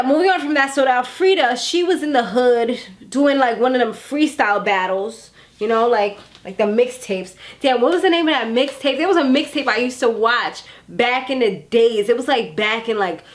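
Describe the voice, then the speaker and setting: A woman in her thirties casually recapping a TV episode in a chatty, animated way, acting out characters' lines as she goes. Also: on the high side. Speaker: TV recap vlogger. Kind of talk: casual chat.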